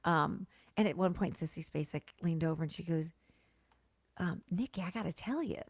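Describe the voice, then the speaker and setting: A woman guest on a podcast, telling a heartfelt story in an animated way, tearful and laughing at once. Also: on the low side, normal speed, breathy edge, no room sound. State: crying. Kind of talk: emotional interview storytelling.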